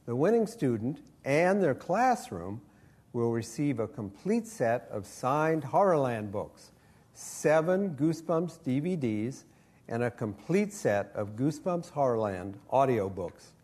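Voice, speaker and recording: A man's voice: mid-range voice, sing-song, unhurried, darkish tone. A man in his sixties, a children's author, telling a ghost story live and coaxing the young audience to call out answers. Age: 60s.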